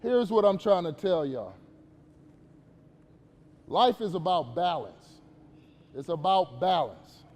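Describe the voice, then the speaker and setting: A man's voice: high voice, animated, slow pace, long pauses, darkish tone, in a large hall. A man giving a casual, slangy motivational talk to young players at a basketball camp, questioning the kids as he goes.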